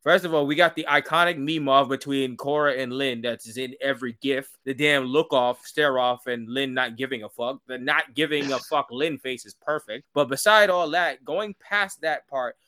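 A man co-hosting a casual show recap, profane and animated, laughing often. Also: medium pitch, moderate pace, few pauses. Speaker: podcast co-host.

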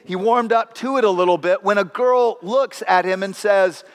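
A man preaches a sermon, telling stories and slipping into voices with dry, wry asides. His voice sits high. The sound rings with a long hall reverb. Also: moderate pace. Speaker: pastor.

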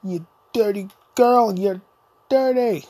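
A man's voice: high-pitched, slow, dark tone. A young adult man hosting a podcast, delivering a profane, insulting solo comedy rant that mock-lectures the listener. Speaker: podcast host.

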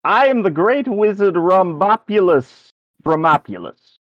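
Man playing a pompous old rainbow wizard, raised booming voice, tabletop game, dry dull sound. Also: animated, a little slow, no room sound. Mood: grandiose. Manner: booming, theatrical, exasperated. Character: ancient rainbow-robed male wizard, grandiose.

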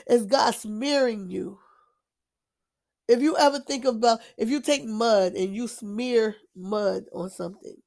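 With a fairly high pitch, a darkish tone, and vocal fry, a woman vlogger recounts her Christian testimony. She speaks casually in a preachy, emphatic way, repeating herself and restarting often.

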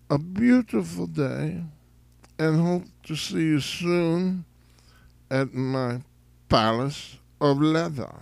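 A pompous German caller, as a man puts him on, drawls every word in a slow, formal way. His voice is gravelly with fry. The sound is dry and close. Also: mid-range voice, no room sound. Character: pompous German man, leather shop owner. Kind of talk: comedic prank call monologue. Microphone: phone call.

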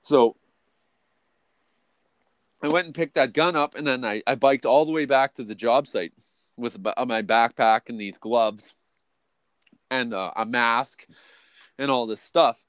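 A podcast co-host tells a long, rambling story, swearing in nearly every line, stumbling over restarts, and tossing in "or whatever, right." His middle-pitched voice jumps much higher and louder when he quotes people, and he speaks a little slowly with long pauses. The audio is close and dry, with no room echo.

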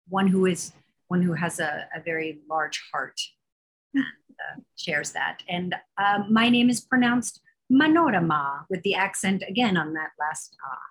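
A woman's voice: lowish voice, a little hiss or hum. A woman guest on a podcast, explaining Sanskrit words in a careful, patient way. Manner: careful, explanatory, warm laughter. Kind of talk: casual podcast interview.

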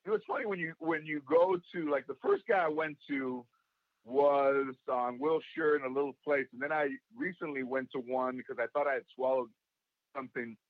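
A man with a raspy, worn voice talks casually as an interview guest. He tells stories with energy and acts out other people's lines. The sound is dull and dry, with no room echo. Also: mid-range voice, normal speed. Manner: animated storyteller who acts out quotes. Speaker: guest, actor and comedian.

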